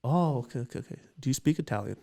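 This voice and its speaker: Stern older man, put on by a storyteller, unsmiling, curt questions, low and hushed, mid-pitched voice. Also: expressive, rapid-fire.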